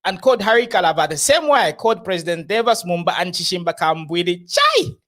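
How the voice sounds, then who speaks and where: Impression: man doing a boastful, sing-song preacher with a Nigerian accent and a very high, wailing pitch. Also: huge pitch swings, quick pace, bright, forceful tone, heavily acted. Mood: exclamatory. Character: excitable boastful male preacher.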